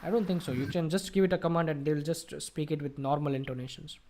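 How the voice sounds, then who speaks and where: A man's voice: on the high side, fairly even intonation, quick pace, darkish tone, slight background noise. A man with an Indian English accent teaching an online English speaking class, explaining and quizzing his students. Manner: explanatory, asks the class questions. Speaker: IELTS tutor.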